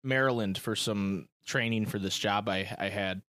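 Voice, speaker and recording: A man's voice: on the low side, moderate pace. A young man with a Michigan accent, hosting a podcast in loose, profane casual chat. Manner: loose and profane, lively intonation. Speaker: podcast host.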